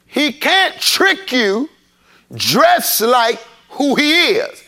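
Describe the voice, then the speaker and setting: Pastor, man, high and bright, slow call-and-response sermon delivery. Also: big pitch swings. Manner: preachy, call-and-response, rising to shouts. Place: church sanctuary.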